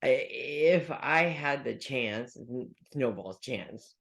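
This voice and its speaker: A man's voice: mid-range voice, animated, slow pace, creaky, a bit bright. A man in his forties delivers a psychic's weekly reading in a loose, conversational way. He wanders into a personal story, stops and restarts his sentences, and pokes fun at himself as he goes. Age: 40s. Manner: conversational, self-deprecating, rambling with restarts. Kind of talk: casual spoken advice with personal anecdote.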